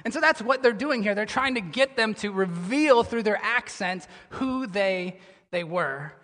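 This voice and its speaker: Male pastor delivering a sermon; bright, forceful tone, reverberant sanctuary sound. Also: a little slow. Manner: animated storytelling, drops to a low somber tone.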